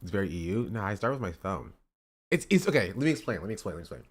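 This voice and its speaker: A man's voice: lowish voice, big pitch swings, rapid-fire, husky. A man streaming live, casually reacting to clips and chatting with his viewers, often repeating himself. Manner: chatty, repeats himself, reads chat aloud.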